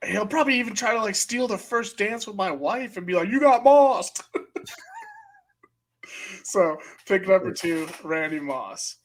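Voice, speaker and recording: A man co-hosting a sports podcast in a studio, talking loud and excitable, swearing and laughing now and then. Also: sits high, moderate pace, few pauses. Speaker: podcast co-host. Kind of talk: casual sports chat.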